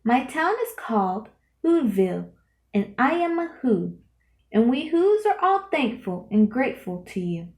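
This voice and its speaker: A woman's voice: on the high side, big pitch swings, unhurried, darkish tone. Woman doing a tiny grateful mayor. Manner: cheerful, grateful. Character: tiny friendly male mayor of a speck town. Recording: roomy echo.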